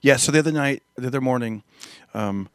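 Casual podcast guest: a man in his thirties, rambling, animated storyteller, dry close sound. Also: medium pitch, brisk, clear, resonant tone, dry recording. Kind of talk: casual chat.

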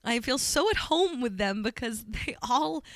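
A woman's voice: a little high, animated, unhurried, no echo, studio quality. A woman co-hosting a podcast who chats in a rambling, giggly way with many fillers. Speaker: podcast co-host. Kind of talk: casual chat.

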